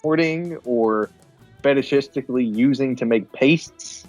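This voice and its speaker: A man's voice: mid-range voice, a little slow, lo-fi sound, soft background music. A man co-hosting a podcast, chatting casually about a movie with crude, exaggerated comic riffs. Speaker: podcast co-host. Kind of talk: casual movie review chat.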